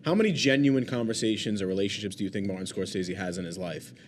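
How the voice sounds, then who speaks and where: Fast-talking low-voiced male podcast host. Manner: rambling, thinks aloud, tags lines with "you know what I mean". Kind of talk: casual chat.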